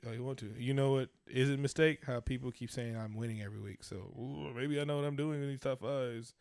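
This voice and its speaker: A man co-hosting a podcast, teasing and cursing loudly with lots of laughter. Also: mid-range voice, steady tone, quick pace, smooth, no echo, clean studio sound. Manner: loud, teasing, laughing, profane. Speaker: podcast co-host. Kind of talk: casual banter.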